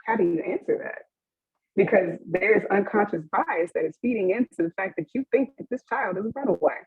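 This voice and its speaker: A young woman speaks candidly on a webinar panel, her voice husky and breathy. The sound is dry and narrow like a phone line, recorded over a video call. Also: medium pitch, animated, a little fast, dry recording. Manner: open and emotional, with frequent laughs and fillers.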